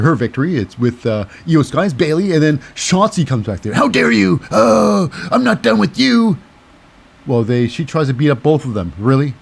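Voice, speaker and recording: A man at a middle pitch talks through a wrestling recap in loose, casual commentary. He wanders off track, hunts for words with lots of "uh" and "you know", and adds cynical asides. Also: darkish tone. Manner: rambling, digressive, cynical, lots of fillers. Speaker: host.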